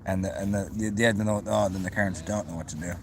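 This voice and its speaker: A man's voice: fairly low pitch, fairly even intonation, quick pace, a little hiss or hum. A young man casually chatting on a livestream, reading out comments, rambling with many restarts, laughing often and swearing freely. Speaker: livestream host.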